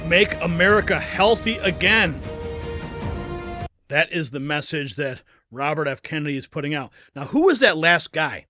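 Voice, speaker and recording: A man's voice: on the high side, animated, moderate pace, music in the background. A man hosting a live political news stream, talking fervently and emotionally over the clips he plays.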